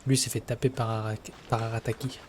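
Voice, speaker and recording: A man's voice: medium pitch, little pitch movement, fast talker, background noise. A man giving casual playthrough commentary, with joking asides over the game. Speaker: gaming commentator. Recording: voice over loud game music.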